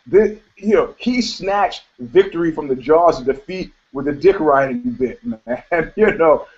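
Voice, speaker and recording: A man's voice: a little high, expressive, a little slow. A man co-hosting a casual talk show, telling profane stories and laughing often. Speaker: podcast co-host. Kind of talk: casual chat. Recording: dull lo-fi sound.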